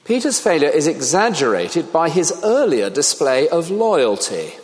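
A man's voice: fairly high pitch, sing-song, measured pace. A man preaching a sermon, reflective, asking the congregation questions. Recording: long reverb of a large hall.

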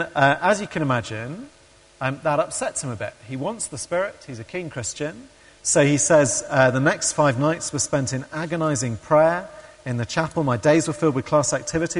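A man giving a sermon, hesitant with many ums, who reads a story aloud and acts out the quoted voices. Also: mid-range voice. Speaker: preacher. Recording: long hall reverb.

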